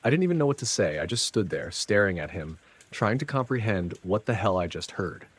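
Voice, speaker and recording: Deep husky man telling a story. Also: big pitch swings, a little fast. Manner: dramatic, conversational storytelling with casual asides. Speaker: narrator. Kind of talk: first-person story reading.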